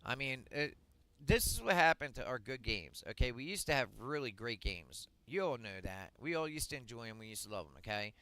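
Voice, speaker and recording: A man streaming a game, delivering a blunt, profane rant that swings up to shouting. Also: mid-range voice, very animated, fairly quick, clear, resonant tone, dry recording, rough recording. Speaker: gaming streamer. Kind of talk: ranting monologue on a livestream.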